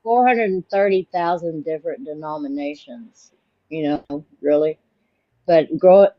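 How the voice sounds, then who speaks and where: A middle-aged woman talking in an unhurried, reflective way in a spiritual chat. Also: low voice, no echo, muffled recording.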